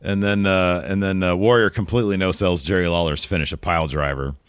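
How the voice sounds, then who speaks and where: A man co-hosting a casual wrestling review podcast, animated and profane, with quick asides. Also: sits low, clear, resonant tone, no room sound, clean studio sound. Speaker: podcast co-host.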